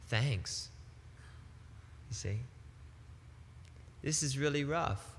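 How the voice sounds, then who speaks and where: A man giving a devotional sermon as a spiritual teacher, emphatic and deliberate, with casual turns of phrase. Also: medium pitch, big-room sound, a little hiss or hum.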